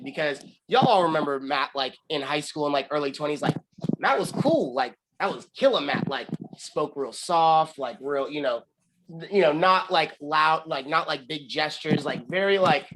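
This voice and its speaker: A man's voice: fairly high pitch, fairly bright tone, low-quality recording. A man, rambling casually through a story, full of "like" and acted-out quotes. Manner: rambling, lots of "like", acts out quotes. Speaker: podcast co-host telling a story.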